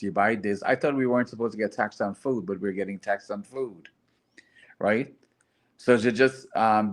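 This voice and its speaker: A man in casual group chat, earnestly explaining his views and restarting phrases as he thinks. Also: lowish voice.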